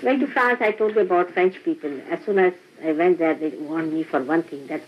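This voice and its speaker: An older woman, a spiritual teacher, gives an informal talk to followers gathered in a small room, laughing often and acting out little dialogues. Her voice is lowish, brisk, and lively in intonation, preserved on dull, lo-fi archival tape with a bit of hiss or hum.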